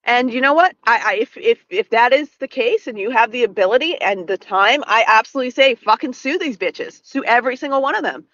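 A woman's voice: a little high, expressive, fairly quick, few pauses, fairly bright tone, dry recording. A woman ranting furiously and profanely as a guest in a casual stream chat. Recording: dull lo-fi mic.

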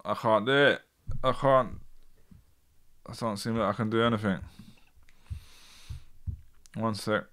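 A man hosts a live stream in a loose, chatty way. His voice sits on the low side, and his talk is full of fillers as he works through technical trouble. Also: steady tone, slow pace, long pauses, a bit bright. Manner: chatty, frustrated with tech glitches. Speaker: host. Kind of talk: casual live stream chat.

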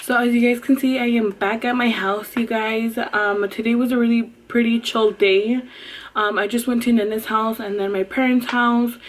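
Young female vlogger, raised pitch, casual and rambling to camera. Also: steady tone, normal speed. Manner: chatty, rambling with many ums. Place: at home, sitting down.

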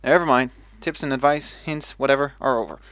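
A man's voice: mid-range voice, fairly quick, a bit bright, no echo. A young man with a Dutch accent, chatting casually and thinking aloud as he plays a video game. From Netherlands. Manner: chatty, thinks aloud with restarts and self-talk. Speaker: let's play gamer.

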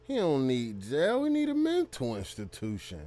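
American man, reaction video host, animated and blunt. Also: mid-range voice, normal speed. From United States. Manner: lively, blunt commentary.

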